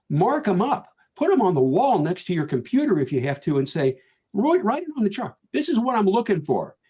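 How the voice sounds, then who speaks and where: Older male panelist, earnest, repeats himself for emphasis, voice sits slightly high, video-call sound. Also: a little mellow. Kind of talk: virtual conference panel talk.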